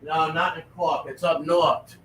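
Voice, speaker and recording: A man's voice: a little high, fairly even intonation, unhurried, fairly bright tone, slight background noise. A man joining a live stream as a guest, talking casually while he has a cold. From United States.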